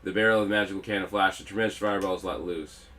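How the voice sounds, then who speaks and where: A man's voice: deep voice, steady tone, very fast, fairly bright tone, slight background noise. A man streaming himself as he reads a video game's story text aloud, with dramatic emphasis. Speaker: let's-play streamer. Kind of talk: reading game text aloud. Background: faint game music.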